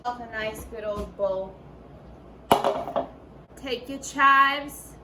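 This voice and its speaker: A woman's voice: a little high, drawn-out words. A woman hosting a casual home cooking video in her kitchen, talking in playful, profane mock-chef banter. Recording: noisy room ambience.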